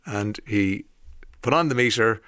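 A man's voice: lowish voice, measured pace, pushed and bright, clear, resonant tone, dry recording, studio quality. Chatty Irish male radio presenter. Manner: rambling, anecdotal, frequent fillers.

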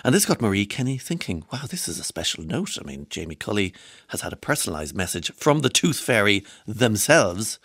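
A man's voice: lowish voice, sing-song, a little fast, a bit bright, husky, no room sound, clean studio sound. A man presenting the newspapers on the radio, chatty and digressive, with frequent restarts and asides. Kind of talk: casual radio chat.

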